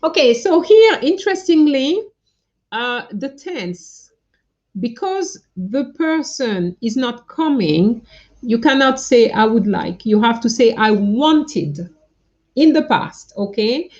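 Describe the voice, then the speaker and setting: A woman's voice: a little high, expressive, slow, a little mellow, muffled recording. A woman teaching French in a live online lesson, patiently going through her students' answers and correcting them one by one.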